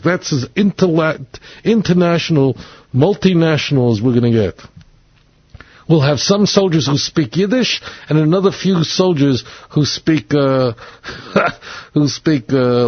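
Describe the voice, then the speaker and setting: A man with a slightly husky voice delivers a blunt, emphatic monologue, hammering the same points again and again. The recording is dry and close, with a dull, lo-fi sound. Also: on the high side, dry recording. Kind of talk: opinionated monologue.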